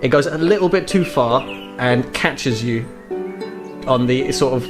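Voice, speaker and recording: A man's voice: medium pitch, a little slow, over music. A man running a tabletop role-playing game as game master, narrating in a chatty, rambling way with lots of fillers.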